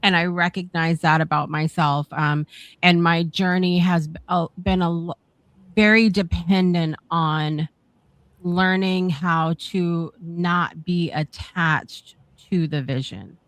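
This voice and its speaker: A woman's voice: lowish voice, fairly even intonation, slow, no echo. A woman hosting a talk show, speaking reflectively with many fillers and restarts. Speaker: host. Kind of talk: reflective casual chat.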